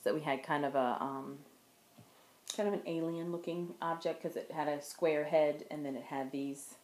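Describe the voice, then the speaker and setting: A woman's voice: low voice, fairly even intonation, moderate pace, a little mellow. A woman hosting a knitting video podcast, chatting casually and correcting herself as she shows her work to the camera. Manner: chatty, meandering, self-correcting while showing work to camera. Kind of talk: casual show-and-tell chat. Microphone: camera in front of her. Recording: roomy echo.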